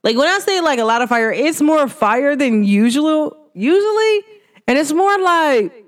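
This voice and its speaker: Here is a chatty energy reader speaking informally to viewers, addressing them directly. Between ideas she lets out hums and stretched "mm" sounds, and her laughter sends her pitch soaring.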